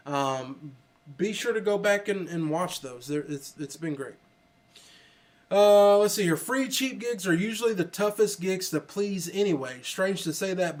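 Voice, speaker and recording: A man with an American Southern country accent, casually chatting on a livestream and reading out comments, rambling with lots of ums and restarts. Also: high voice. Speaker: livestream host. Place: office.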